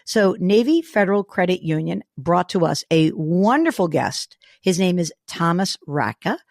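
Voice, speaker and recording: A hoarse woman hosts a money interview in a chatty, easy way with a lower voice that swings widely in pitch. Her scratchy voice sits in a dry, close sound. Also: moderate pace, no room sound. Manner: lively, chatty, laughs easily. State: hoarse from a cold. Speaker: host. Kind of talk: interviewing a guest.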